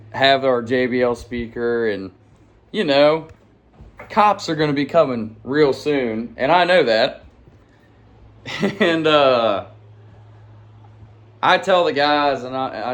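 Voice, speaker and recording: Dude telling a story at home, rambly and slangy, average pitch, laughs it off a lot. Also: male voice. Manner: rambling, slangy, chuckles between lines. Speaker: channel host and storyteller. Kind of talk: casual storytelling to camera. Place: at home with pets nearby.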